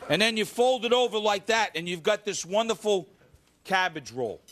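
A man's voice: high-pitched, lively intonation, moderate pace, noisy background. A man hosting a live cooking show, chatting and joking with the studio audience as he demonstrates a recipe.

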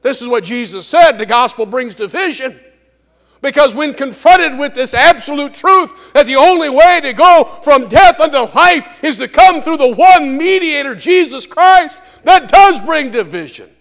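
Man, preacher, high-pitched, sermon, shouts then hushes, long church echo. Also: expressive, moderate pace, vocal fry. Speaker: pastor. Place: church sanctuary.

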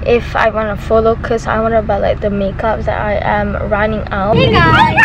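A young woman from Malaysia, chatting excitedly through a shopping vlog, giggling often as she talks into her phone camera. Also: mid-range voice, low-quality recording. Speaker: vlogger. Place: shops and mall. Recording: music playing over the voice.

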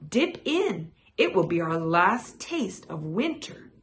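A woman's voice: fairly low pitch, sing-song, takes it slowly, a little hiss or hum. A woman voicing a grumpy, complaining male rabbit in a read-aloud picture book, in a grumbling manner. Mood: cheerful. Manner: grumbling, gloomy.

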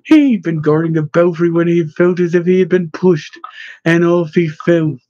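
A man narrating a storybook in a steady, even reading voice. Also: a little high, normal speed, dry recording. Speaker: audiobook narrator. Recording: dull lo-fi dry recording.

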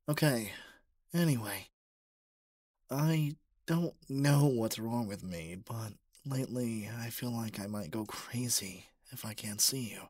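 A man voicing an obsessive young male stalker in a whispered role-play, talking softly with stammers and pleas. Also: fairly low pitch, slightly rough, no room sound, clean studio sound. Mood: hushed, infatuated. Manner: soft, stammering, pleading.

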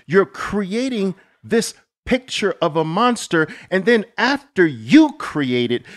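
A man's voice: high voice, big pitch swings, unhurried, few pauses. A middle-aged man hosting a live trading Q&A, coaching viewers in an emphatic, motivational way, with dramatic storytelling.

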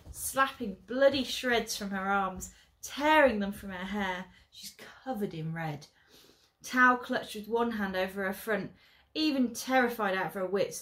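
A woman teacher reading a novel aloud with expressive delivery that rises for dramatic moments. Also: medium pitch.

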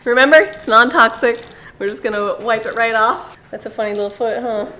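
A woman's voice: a little high, little pitch movement, a little fast, sharp tone. A woman hosting a casual vlog at an animal park, chatting bubbly to the camera and cooing and squealing at baby animals.

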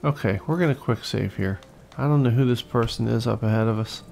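A man giving excitable, swearing gameplay commentary as host, talking to enemies as he plays. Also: mid-range voice, fairly quick, gravelly, slight background noise. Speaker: let's play host.

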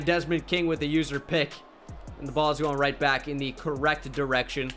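A young man casually commenting on a football video game he is playing, laid-back and self-mocking, with sudden excited outbursts. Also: mid-range voice, moderate pace, faint music behind. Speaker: gaming channel host.

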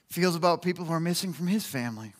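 A man preaching a sermon, telling a personal story in an animated, chatty way with lots of fillers. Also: a little high. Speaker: pastor. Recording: long hall reverb.

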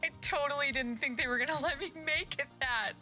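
Giggly woman streamer, bright voice. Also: sits high, fairly quick, faint music behind. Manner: giggly, crude joking, laughs often. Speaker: live streamer. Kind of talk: casual live-stream chat while gaming.

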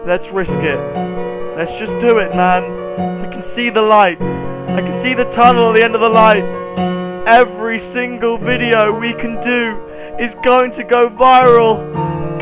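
A man narrating a comedic video game skit, with exaggerated, melodramatic exclamations, sarcastic asides and bursts of panicked yelling. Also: sits high, unhurried. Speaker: YouTuber touring a game build. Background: clear background music.

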